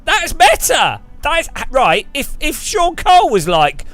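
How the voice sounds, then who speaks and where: A man's voice: very high voice, huge pitch swings, a little slow, a bit bright, faint music behind. A man streaming a racing sim, chatting casually and ranting with frequent laughter. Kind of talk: casual live-stream chat.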